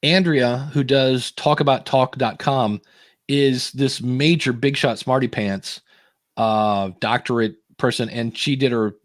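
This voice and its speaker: A man's voice: medium pitch, fairly even intonation, unhurried, no echo, clean studio sound. Rambling jokey male podcast co-host. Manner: rambling, jokey, self-interrupting. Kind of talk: casual live podcast chat.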